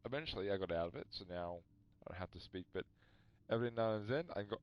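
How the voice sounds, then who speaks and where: A man's voice: fairly low pitch, fast talker, clean tone, dry recording, muffled recording. A man chatting casually while streaming a video game, rambling and poking fun at himself. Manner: rambling, self-mocking, chatty. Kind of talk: casual live-stream chat.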